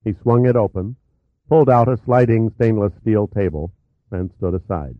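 A man reading a novel aloud as an audiobook narrator, in a steady, even way. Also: lowish voice, moderate pace, no room sound. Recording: tinny narrow-band audio.

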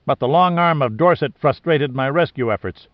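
A man's voice: mid-range voice, moderate pace, no echo, close to an everyday voice. Man voicing a stern commanding admiral. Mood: relieved. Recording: dry, slightly dull lo-fi sound.

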